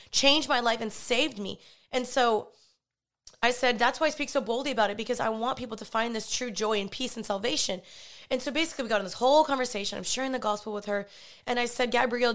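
A woman giving a personal faith testimony, retelling a conversation in an animated, earnest way and often quoting herself. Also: fairly high pitch, creaky. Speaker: Christian vlogger and podcaster.

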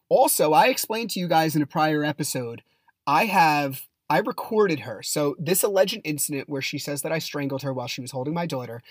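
A man's voice: on the high side, no echo, clean studio sound. A man hosting his own podcast, telling a personal story in a casual monologue with a heated, blunt manner. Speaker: podcast host.

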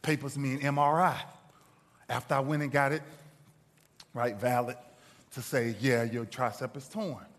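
A man giving an inspirational speech to a live audience, telling a story dramatically and swinging from loud bursts to hushed asides. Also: medium pitch, steady tone, measured pace, long pauses. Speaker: motivational speaker. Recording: long reverb of a large hall.

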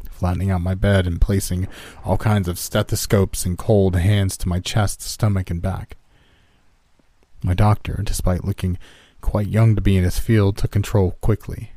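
Casting: low-voiced male horror narrator, warm dark tone, dry close mic. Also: moderate pace, no echo. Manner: calm storytelling, lifts pitch for quoted characters.

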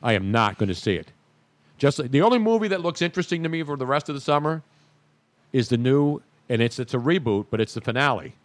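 A man's voice: medium pitch, fast, dry recording. A man hosting a casual sports talk show, joking and emphatic as he rattles off opinions. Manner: animated, jokey, emphatic. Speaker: radio show host.

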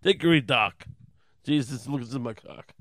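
A drunk, crude Judas barking his lines like a brash stand-up comic, as a man puts him on. The voice is pushed loud and a little higher, full of leering bravado. It sits close and dry with no room around it. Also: moderate pace, no room sound, close to an everyday voice.

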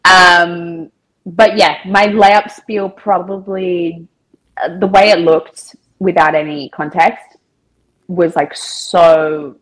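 Woman, husky breathy voice, a bit low-pitched, chatty guest storytelling. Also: fairly even intonation, takes it slowly, a bit bright, rough recording. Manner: chatty, with frequent filler words and quoted dialogue. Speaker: podcast guest. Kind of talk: casual storytelling interview.

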